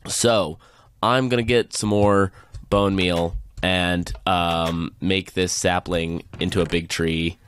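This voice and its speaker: A man's voice: low-pitched, steady tone, slow, fairly bright tone, clean tone. A man hosting a let's play, chatting and cheering or groaning at the game as he plays. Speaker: gaming channel host.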